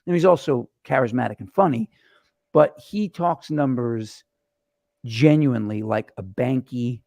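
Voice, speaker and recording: A man hosting a casual show, telling stories in an animated, rambling and profane way into a camera setup. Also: medium pitch, a little slow, dry recording. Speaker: host. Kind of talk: casual chat. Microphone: webcam or phone camera mic.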